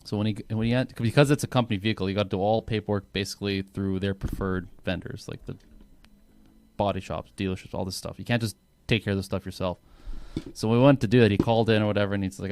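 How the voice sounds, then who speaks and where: A man's voice: fairly low pitch, steady tone, fast, darkish tone, clean tone. A young man co-hosting a casual podcast, telling rambling stories with plenty of swearing. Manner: rambling storytelling, heavy swearing. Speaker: podcast co-host. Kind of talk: casual chat.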